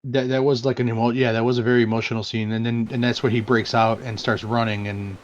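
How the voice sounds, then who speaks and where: A man's voice: mid-range voice, little pitch movement, fast. Man, casual podcast chat, agreeable, dull lo-fi mic, faint hiss. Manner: easygoing, agreeable, restarts often. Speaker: podcast co-host. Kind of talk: casual movie review chat. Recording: dull lo-fi sound with faint noise.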